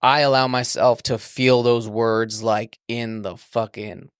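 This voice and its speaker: A man chatting casually and emotionally about planning his wedding, expressive and swearing freely. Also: mid-range voice, measured pace, clean tone, no echo, studio quality. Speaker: vlog co-host, groom-to-be. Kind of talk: casual chat.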